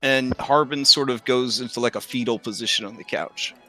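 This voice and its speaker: A man's voice: mid-range voice, brisk, bright, forceful tone, soft background music. A man narrating as game master of a tabletop game, chatty with many fillers.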